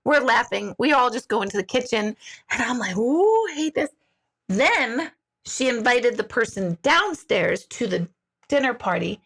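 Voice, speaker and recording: Animated woman medium telling a story. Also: a little high. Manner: animated, laughs often, many fillers like "like" and "right?". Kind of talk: casual storytelling to viewers.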